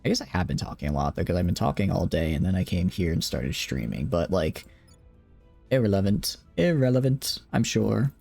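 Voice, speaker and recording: A man's voice: sits low, lively intonation, fairly quick, creaky, hardly any pauses, darkish tone, slightly rough, soft background music. A tired young man casually commenting on his game during a late-night live stream, rambling and joking at his own expense. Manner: rambling, joking, self-deprecating.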